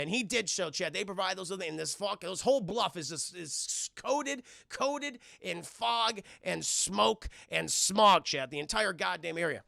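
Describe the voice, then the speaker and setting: A young man and streamer giving a casual, profane film recap to his chat, rambling, excitable and crude. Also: high voice, normal speed, creaky, few pauses, no room sound, studio quality.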